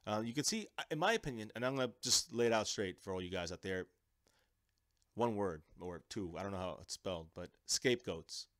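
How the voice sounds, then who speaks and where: A man hosting a live fan stream, ranting about his football team in a casual, animated way, with many restarts. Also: lowish voice, brisk, no echo, studio quality. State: under the weather. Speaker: fan show host. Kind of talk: live-stream sports rant.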